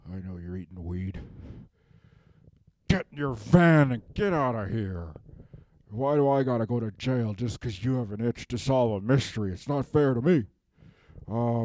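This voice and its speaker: A man's voice: mid-range voice, dark tone, no room sound, close to an everyday voice. A man playing a whiny unmasked villain. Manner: whiny, rambling, keeps tagging "okay?". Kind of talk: comedic self-tape monologue.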